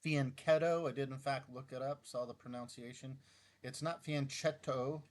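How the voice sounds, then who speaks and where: Speaking at a moderate pace with a steady, medium-pitched voice, a middle-aged man talks himself through chess puzzles on his YouTube channel. He murmurs each move and teases himself over his slips.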